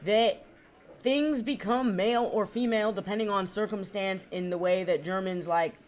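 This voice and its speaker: A woman's voice: medium pitch, normal speed. A woman streamer chatting casually and profanely with her viewers while gaming, rambling and laughing.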